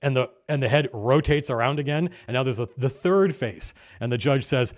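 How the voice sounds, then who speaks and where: Excited man recounting a tabletop game. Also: medium pitch, moderate pace. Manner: excited, animated storytelling with restarts and profanity. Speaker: game master recounting a session. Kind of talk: casual campaign diary monologue.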